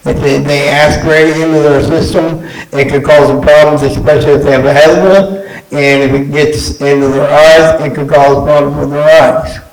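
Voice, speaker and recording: Flat-voiced man making a public comment. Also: fairly high pitch, moderate pace. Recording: echoey room with crowd noise.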